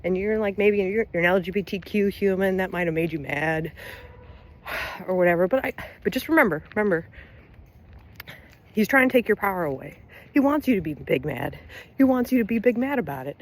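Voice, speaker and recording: A Southern-accented woman vlogging to camera, her voice pitched in an ordinary middle range. She keeps breaking into laughter, swears freely and leans hard on certain words for punch. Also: lively intonation, brisk, long pauses. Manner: laughing often, blunt and profane, bursts of emphasis. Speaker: LGBTQ resource center director and Army veteran. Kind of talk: casual direct-to-camera rant.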